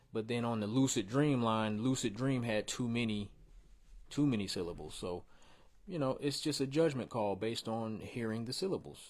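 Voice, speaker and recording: Blunt, slangy man coaching rappers. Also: on the low side. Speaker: host reviewing viewers' rap verses. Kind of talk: casual critique chat.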